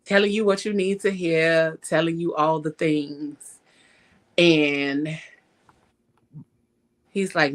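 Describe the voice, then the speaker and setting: A woman's voice: low-pitched, fairly even intonation, slow pace, long pauses. A woman hosting a casual podcast, teasing and slangy, laughing often as she sets up a scene for her guests. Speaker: podcast host.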